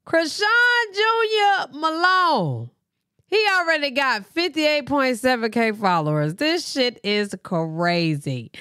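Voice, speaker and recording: A woman hosting a live reaction stream, excitable, squealing and laughing often. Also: high voice, slow pace, no room sound, clean studio sound. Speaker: reaction livestream host.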